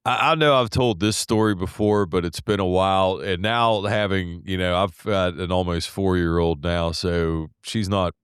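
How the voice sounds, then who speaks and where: Male co-host, very deep and smooth voice, loose rambling storyteller, dry sound. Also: normal speed, hardly any pauses, no room sound. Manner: rambling storyteller with restarts, swears, laughs. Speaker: podcast co-host, delivery driver. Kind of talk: casual podcast chat.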